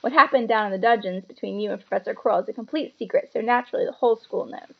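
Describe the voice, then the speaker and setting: A woman voicing a kindly old male headmaster wizard in a storybook, calm and gently formal with a wry touch. Her voice is slightly gravelly and the recording a bit muffled. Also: medium pitch.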